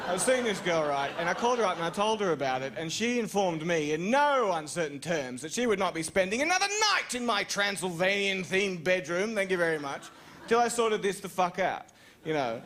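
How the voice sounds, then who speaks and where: A man's voice: lively intonation, a little fast, a bit bright, a little hiss or hum. A young Australian man telling a rambling, self-mocking story on stage as a stand-up comedian. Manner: rambling, self-mocking storytelling with sudden high-pitched jumps.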